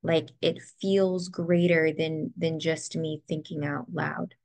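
Slow, gravelly-voiced young woman vlogging. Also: low voice, little pitch movement, dry recording. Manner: slow, soft and heartfelt, close to tears. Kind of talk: reflective personal vlog. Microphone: ring light setup, camera close to face.

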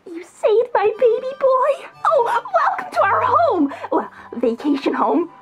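A woman's voice: very high voice, very animated, unhurried, music in the background, exaggerated voice. A woman voicing a gushing, doting young mother who welcomes everyone in, in an amateur stop-motion film. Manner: effusive and welcoming.

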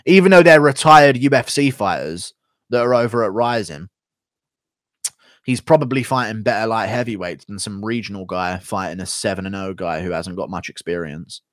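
A man's voice: fairly low pitch, normal speed, dry recording. A man hosting a live stream, reading out donations and answering chat questions in a blunt, profane, rambling way. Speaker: streamer host.

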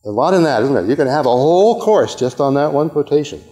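A man's voice: on the high side, lively intonation, fast, mellow, soft background music. Older man lecturing in a reverberant hall. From Canada. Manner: rambling, self-interrupting, with frequent okays and asides. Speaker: university lecturer. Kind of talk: academic lecture.

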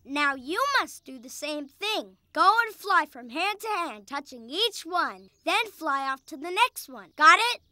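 A woman voicing a patient, kindly female cartoon helper who coaches gently and encouragingly. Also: high-pitched, animated, a little slow, few pauses, no room sound, clean studio sound, full character voice. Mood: coaching. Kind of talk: children's cartoon voice acting.

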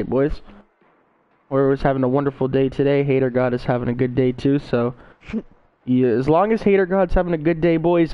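A man's voice: mid-range voice, clean tone, no room sound, dull audio. A young man live-streaming a game, casually greeting his viewers by name over a gaming headset.

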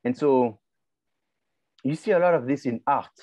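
A man's voice: mid-range voice, unhurried, darkish tone, no echo. A male marketing professor giving a conversational class lecture, asking and answering his own questions.

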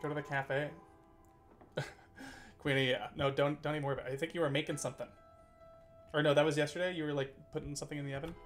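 A man's voice: on the high side, level tone, fast talker, long pauses, soft background music. A man streaming a video game, chatting casually, reading game text aloud, laughing and swearing now and then. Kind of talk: casual gameplay commentary.

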